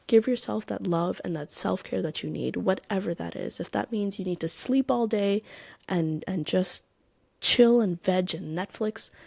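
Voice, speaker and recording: A woman's voice: mid-range voice, measured pace, creaky, darkish tone, breathy edge, dry recording. A young adult woman hosting a podcast, talking candidly and emphatically about her own life, swearing for emphasis. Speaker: podcast host. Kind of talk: personal podcast monologue.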